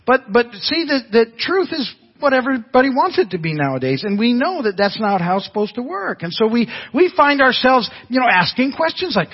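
Husky older male pastor preaching. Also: extremely high pitch, sing-song, fairly quick. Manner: folksy storytelling, frequent restarts. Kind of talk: sermon. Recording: dull lo-fi church audio.

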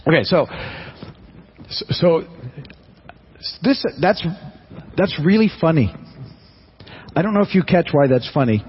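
A man's voice: on the high side, sing-song, unhurried, long pauses, slightly rough, dull audio. A man preaching a sermon in an earnest, conversational way, often restarting and repeating his words. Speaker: pastor.

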